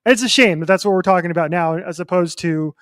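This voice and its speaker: A man's voice: high-pitched, a bit bright, no echo, clean studio sound. A man co-hosting a casual motorsports radio talk show, opinionated and tagging remarks with "right?". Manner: opinionated, rapid asides with "right?".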